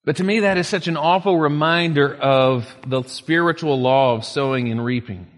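A man delivers a sermon in a chatty, folksy way, moving between reading scripture and plain-spoken asides. His voice sits a little high for a man. The sound carries a long reverb, as if from a large hall. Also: moderate pace. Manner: conversational preaching, reads scripture with folksy asides. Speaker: pastor.

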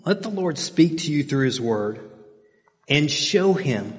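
A middle-aged man preaching a sermon in a relaxed, conversational way, telling stories with plenty of fillers and asides. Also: a little high, slow. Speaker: pastor. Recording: long hall reverb.

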